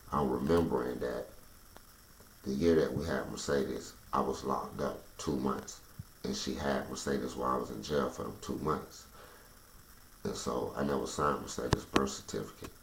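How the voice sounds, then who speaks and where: Very deep gravelly man, intense testimony. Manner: intense, rising to agitated outbursts. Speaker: storyteller recounting personal experience. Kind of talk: emotional personal testimony. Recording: echoey room with faint background noise.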